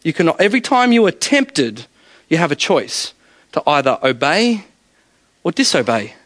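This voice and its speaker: A man's voice: on the high side, sing-song, moderate pace, fairly bright tone, dry recording. A man, preaching an evening sermon in a conversational, storytelling way with frequent laughter.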